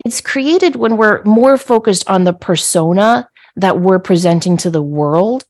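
A middle-aged woman hosting a podcast, telling a personal story in a conversational way. She is animated and laughs as she acts out her own yelling. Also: medium pitch, a little slow. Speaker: podcast host.

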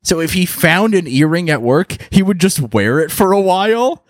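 A man's voice: high voice, animated, moderate pace, no room sound. Laughing, swearing podcast guy. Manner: laughs often, swears freely, acts out quoted voices. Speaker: podcast co-host. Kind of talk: casual chat, storytelling. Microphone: podcast studio mic. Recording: dry close studio sound.

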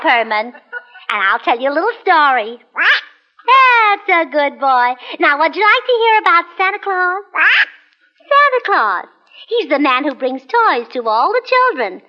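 A woman playing a cheerful, scatterbrained wife in a 1940s radio comedy, bubbly and fond of baby talk. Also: high-pitched. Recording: dull old radio broadcast with hiss.

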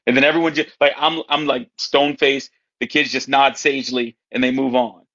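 A man who coaches high school football, a podcast guest telling wry anecdotes and acting out his players' voices. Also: flat delivery, moderate pace, few pauses, bright, forceful tone, dull audio. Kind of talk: casual storytelling chat.

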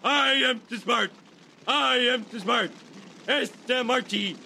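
A man's voice: very high-pitched, takes it slowly, gravelly, sharp tone, slight background noise, full character voice. A man voicing a boastful, dim-witted cartoon man, proudly chanting his lines in a clip from a cartoon.

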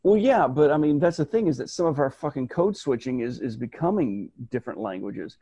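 A man chatting casually as a podcast co-host, rambling and animated, restarting his sentences and slipping into mock voices. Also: medium pitch, fairly quick, slightly rough, dry recording. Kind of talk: casual chat.

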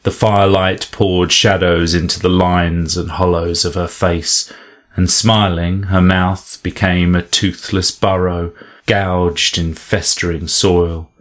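A man narrating an audiobook in a measured, dramatic reading. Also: deep voice, level tone.

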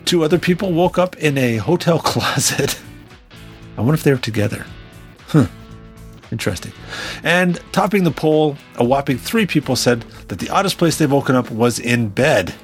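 A man hosting his podcast in a chatty, rambling, joking way. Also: a little high. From Canada. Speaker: podcast host. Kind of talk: casual podcast chat.

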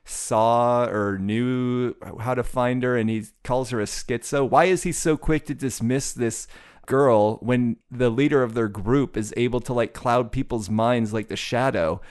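A man's voice: mid-range voice, fairly even intonation, measured pace, darkish tone, clean tone. A man co-hosting a podcast in casual chat, rambling and joking at himself. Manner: rambling, self-mocking, many restarts. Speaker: podcast co-host.

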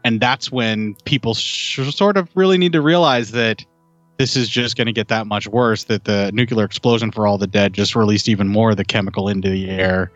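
A man co-hosting a podcast, retelling film scenes in a relaxed, detailed way. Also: lowish voice, fairly quick, dry recording, muffled recording, faint music behind. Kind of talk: casual chat.

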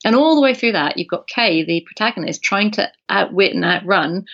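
A woman in casual podcast chat, telling stories with lively animation and plenty of ums and restarts. Her voice sits at a middling pitch. The sound is a bit dull and lo-fi. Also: a little fast, few pauses, husky. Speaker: podcast co-host.

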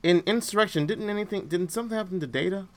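Bright-voiced man hosting a podcast. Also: high-pitched, fast. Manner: hesitant, many fillers and restarts. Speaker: podcast co-host. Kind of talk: casual chat.

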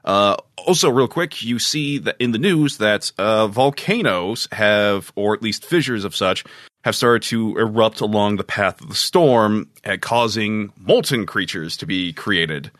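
A man narrating as game master of a tabletop game, halting with fillers. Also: on the low side, animated, fairly bright tone, no room sound, clean studio sound.

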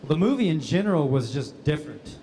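Man, slightly high voice, convention panel guest, casual storytelling, laughs often. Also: a little fast, big-room sound. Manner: laughing, animated anecdotes acting out other voices.

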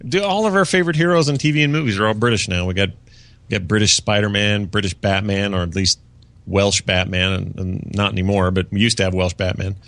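On a podcast studio mic, a male co-host with a lowish, slightly bright voice talks briskly in a dry recording. He rambles through a casual chat reviewing a TV season, with many fillers and restarts.

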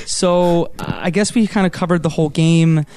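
A man's voice: a little high, steady tone, moderate pace, a little mellow. A man hosting a casual podcast chat about a game, talking enthusiastically and rambling with lots of fillers. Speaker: podcast host.

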